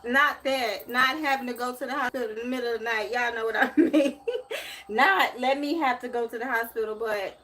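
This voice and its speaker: A tarot reader from Memphis, USA, hosts a casual live tarot stream, speaking emotionally and repetitively to her viewers. Her voice is fairly high, pushed, and bright, and she talks fairly quickly.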